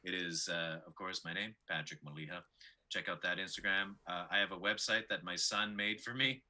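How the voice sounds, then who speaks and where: A middle-aged man talks in a dry, self-mocking deadpan, with plenty of hesitant fillers. His voice sits a little low yet sounds strikingly bright and forceful. He is a stand-up comedian trading banter as a guest on a chat show. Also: moderate pace.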